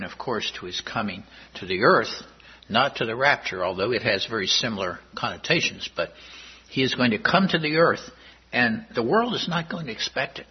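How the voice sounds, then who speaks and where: A man, a pastor, preaching a sermon, working through Bible verses with measured explanation and reading the passages slowly. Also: fairly low pitch, husky, lo-fi sound.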